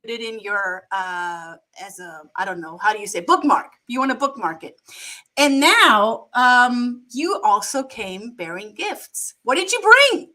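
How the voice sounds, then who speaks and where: A woman's voice: medium pitch, expressive, bright, forceful tone, low-quality recording. A woman from Germany hosting an interview, chatting casually and enthusiastically with her guest. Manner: enthusiastic, quick to laugh. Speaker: host.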